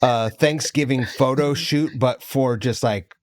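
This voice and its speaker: A man's voice: medium pitch, measured pace, dry recording, clean studio sound. A man hosting a podcast, chatting casually and swearing freely with a guest. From Seattle. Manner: laid-back, profane, chatty. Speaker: podcast host. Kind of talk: casual chat.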